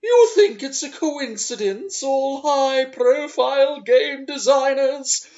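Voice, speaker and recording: A man doing an impression of a British male podcaster as he reads out an angry comment in a drawn-out, sing-song voice. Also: extremely high pitch, darkish tone, muffled recording, pitched above the performer's own voice, full character voice. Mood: indignant.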